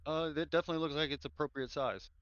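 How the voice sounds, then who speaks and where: A man's voice: a little high, steady tone, fast, fairly bright tone, no room sound, muffled recording. A man narrating as game master of a tabletop game, talking loosely and conversationally with plenty of fillers. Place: home room, online stream.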